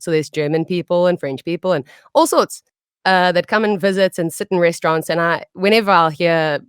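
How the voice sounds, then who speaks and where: A woman's voice: on the low side, clean tone, no room sound, studio quality. A young South African woman with a South African accent, chatting bubbly and laughing often as a voice actress in an interview. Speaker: voice actress guest. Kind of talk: casual interview chat.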